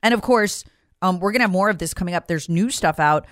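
A woman's voice: fairly low pitch, fast talker, fairly bright tone, dry recording, clean studio sound. A woman hosting a talk show, giving an emphatic, sarcastic political commentary monologue and repeating words for emphasis. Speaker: talk radio host.

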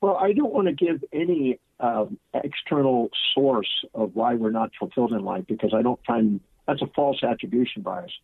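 Gravelly man on a tinny phone line. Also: medium pitch, expressive, normal speed, few pauses, dry recording. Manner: confident, emphatic, instructive. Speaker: guest, seminar teacher. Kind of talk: interview answers and storytelling.

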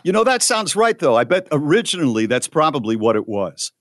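A middle-aged man co-hosting a radio show, lively and exclamatory with frequent fillers. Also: a little high, brisk, dry recording, clean studio sound. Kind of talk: casual radio chat.

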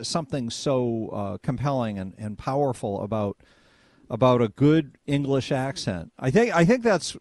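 A man's voice: mid-range voice, darkish tone, dry recording, clean studio sound. A man hosting a talk radio show, interviewing a guest in a rambling way with many fillers and restarts.

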